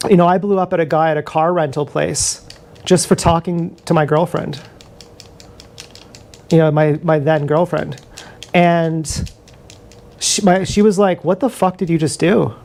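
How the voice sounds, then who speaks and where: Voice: medium pitch, steady tone, measured pace, pauses often, darkish tone. A live streamer talking in a rambling, profane, confessional monologue, recorded on an action camera mic.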